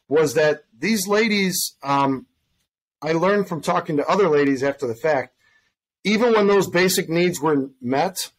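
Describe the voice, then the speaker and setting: A man with a somewhat high voice speaks casually. He rambles and thinks out loud, often stopping to restart his sentences. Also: low-quality recording. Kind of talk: casual conversation.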